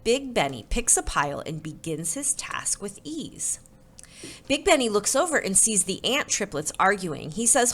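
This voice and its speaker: Expressive woman storybook reader. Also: medium pitch, normal speed. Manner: expressive, conversational, says "right?". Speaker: storybook reader and parenting presenter. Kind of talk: children's storybook reading then parenting tips.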